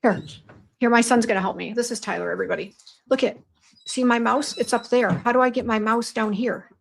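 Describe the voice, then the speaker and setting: Chatty middle-aged woman with gravelly fry. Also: on the high side, a little fast. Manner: chatty, easily flustered, talks to viewers directly. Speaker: skincare formulator hosting a live show. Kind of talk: casual livestream chat. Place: home office at a desk.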